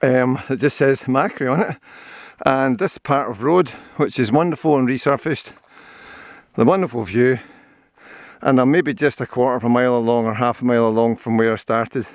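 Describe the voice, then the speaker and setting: A Scottish man, older, talks in a rambling, cheerful way to the camera he carries while out running on a forest trail. His voice sits at an ordinary pitch and sounds close and dry, with no room echo around it. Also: moderate pace. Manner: chatty, rambling, cheerful about scenery. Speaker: vlogger. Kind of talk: casual walking and running commentary.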